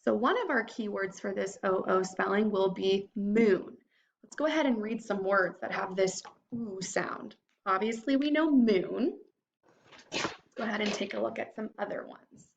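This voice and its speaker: A young woman teaching a phonics lesson to young children, sounding out word parts slowly and clearly. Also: mid-range voice, slight background noise. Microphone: computer microphone.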